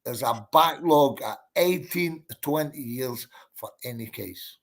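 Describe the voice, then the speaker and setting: A man's voice: mid-range voice, unhurried. A man, a boxer telling his story in a casual interview, blunt and emphatic, swearing and calling the listener mate and bro.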